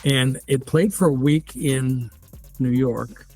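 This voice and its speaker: A man's voice: medium pitch, slow pace, mellow, soft background music. A man in his seventies, a guest actor in a casual interview, rambling through stories with many restarts and fillers. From United States. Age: 70s.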